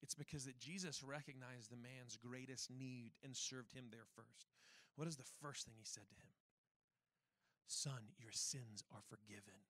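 A man's voice: mid-range voice, normal speed, no room sound. A male pastor preaching a sermon, telling stories with rhetorical questions. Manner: animated storytelling with rhetorical questions. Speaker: church pastor.

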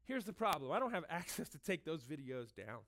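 A male pastor preaching a sermon in a lively, conversational, joking manner, in a room with an audience. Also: on the high side, brisk. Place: room with cameras and a listening crowd.

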